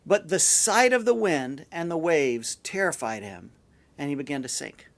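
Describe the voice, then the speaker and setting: A man with a fairly high voice preaches a church sermon. He talks in a loose, chatty way and retells the story as he goes. He often restarts and repeats words while he finds the next thought. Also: lively intonation, moderate pace. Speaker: pastor.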